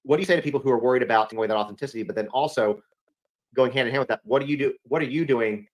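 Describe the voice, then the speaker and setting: A man's voice: mid-range voice, rapid-fire, low-quality recording. A man interviewing a guest, meandering and searching for his words. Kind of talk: interview question.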